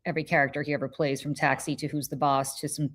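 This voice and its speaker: Woman podcast host, lowish voice, profane and animated storyteller. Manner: animated, profane, quick restarts. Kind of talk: casual chat, storytelling.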